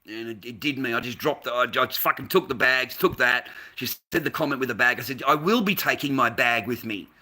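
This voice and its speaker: An Australian man vents to camera in a profane, repetitive rant. His voice is forceful and sharply edged at a middling pitch. He circles back to the same complaint over and over. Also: brisk, few pauses. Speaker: volunteer recounting a workplace dispute. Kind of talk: angry casual rant to camera.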